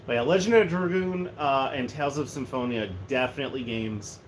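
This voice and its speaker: A man chatting casually and jokily on a livestream from a room at home, rambling from one thing to the next. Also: a little high. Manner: rambling, joking, animated. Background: faint heater hum.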